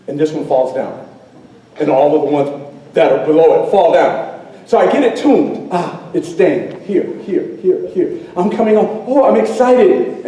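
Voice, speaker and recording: An animated man storyteller performing live in a school auditorium, playful and calling out to his audience. His voice swoops high and low with a mellow tone. The hall is very echoey and the mic sits far off. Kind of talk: live oral storytelling with call and response.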